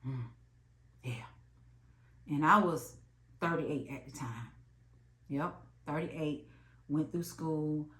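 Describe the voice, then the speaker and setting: Woman late 30s, bright voice, emphatic storytime vlog, echoey room. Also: low voice, slow pace, long pauses. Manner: animated, emphatic storytelling with repeated phrases. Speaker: vlogger. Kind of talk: storytime monologue.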